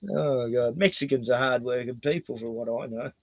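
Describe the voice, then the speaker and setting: Gravelly Australian man, blunt and heated. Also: mid-range voice, steady tone, normal speed, no room sound, lo-fi sound. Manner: blunt, heated, laughs at own points. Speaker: podcast host. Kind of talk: casual chat.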